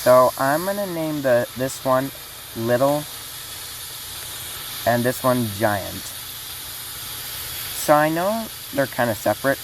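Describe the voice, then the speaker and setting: Very low-voiced woman announcing a casting call. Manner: rambling with many fillers and restarts. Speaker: fan series creator running a casting call. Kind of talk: casual spoken announcement. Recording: noisy hiss in the background.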